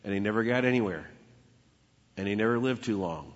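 Husky preacher in an echoing hall. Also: male voice, fairly low pitch, lively intonation, a little fast. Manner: storytelling preacher, emphatic repetition. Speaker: pastor. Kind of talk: sermon. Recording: dull lo-fi with long hall reverb.

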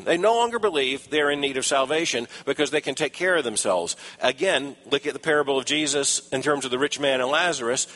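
A man preaching an expository sermon in an emphatic way, rising for stressed points and dropping low for asides. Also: fairly bright tone. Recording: long reverb of a large hall.

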